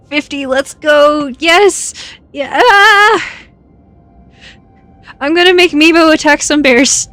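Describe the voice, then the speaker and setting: A woman's voice: high-pitched, very slow, long pauses, a bit bright, dry recording, faint music behind. A woman streaming a game, chatting casually with viewers, giggling often and hiccupping. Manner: giggly, laughs often between lines. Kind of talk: casual live-stream chat while gaming.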